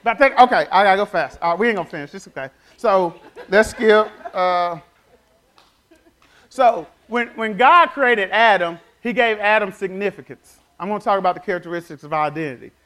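A man's voice: high-pitched, a little fast, bright, forceful tone. A man preaching a fervent sermon, telling stories and leading call-and-response with the congregation.

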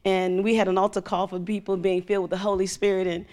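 A woman's voice: medium pitch, level tone, fast, a little mellow. A middle-aged woman pastor preaching a sermon, telling stories with animation and acting out voices.

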